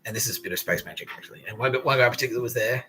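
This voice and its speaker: A man's voice: mid-range voice, racing, sharp tone, a little hiss or hum, poor audio. A man, hosting a podcast and telling stories in a profane, aggrieved rant. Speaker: podcast host. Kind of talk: casual monologue storytelling.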